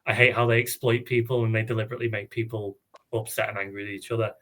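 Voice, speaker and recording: A man co-hosting a casual fan podcast, talking in an animated way and laughing often. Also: on the low side, fast talker. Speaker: podcast co-host. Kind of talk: casual chat.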